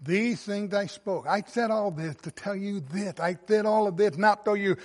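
High-pitched preacher guy, slow and fervent, echo tail from a church hall. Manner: impassioned, swings from soft to loud emphasis. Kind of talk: sermon. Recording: long reverb of a hall.

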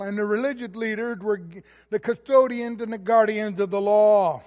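A man preaching an expository sermon, emphatic, rising to loud stressed words and then dropping low. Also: moderate pace, in a large hall.

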